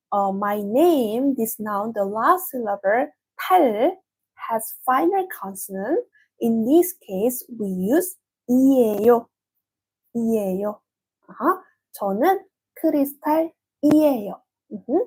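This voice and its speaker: Young Korean-accented woman as a patient language teacher, slightly raised pitch, a little husky. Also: darkish tone, low-quality recording. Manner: patient, explains step by step with many "mm-hmm"s. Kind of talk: online lesson.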